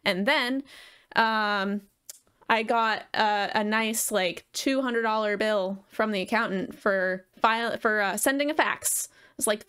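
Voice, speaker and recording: A woman's voice: medium pitch, a little slow, pushed and bright, clean tone. A woman from the United States, chatting casually as a live game streamer, rambling and laughing often. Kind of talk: casual live gaming chat.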